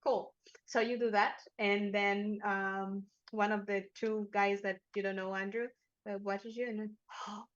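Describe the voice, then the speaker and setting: A woman's voice: mid-range voice, little pitch movement, unhurried, lo-fi sound. A woman narrating a tabletop game as game master, chatty and laughing often.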